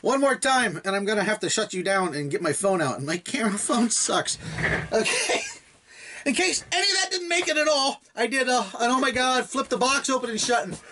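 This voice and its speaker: A man chatting casually while unboxing a gift, rambling and excitable, often laughing. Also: very high voice, fairly quick, a little hiss or hum. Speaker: toy blaster hobbyist unboxing a gift.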